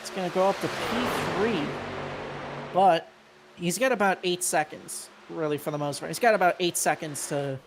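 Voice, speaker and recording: A man's voice: on the high side, gravelly. Male driver doing color commentary over noise. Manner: explanatory, halting restarts. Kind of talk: live race commentary.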